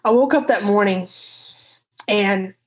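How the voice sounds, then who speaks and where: A woman in a medium voice recounts a frightening night in her own words. She talks in an unscripted, halting way, restarting sentences and swearing at times. She retells whole conversations, slipping into what each person said. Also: medium pitch, husky, low-quality recording. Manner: retells conversations in quoted speech. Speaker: guest telling a personal story.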